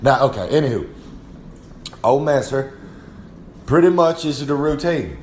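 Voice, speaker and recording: A young Southern wrestler sounds animated yet unhurried, his medium-pitched voice a little mellow, with slight background noise. Talking casually in a rambling, folksy drawl for a podcast segment from his trailer at home, he refers to himself by name in the third person.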